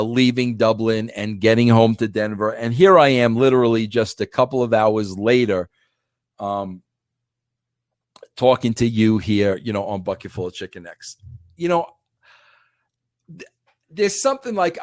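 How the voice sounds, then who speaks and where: A man's voice: medium pitch, animated, a little slow, darkish tone, dry recording. A middle-aged man hosting a podcast, telling a long casual story with many restarts and emphatic repeats. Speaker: podcast host.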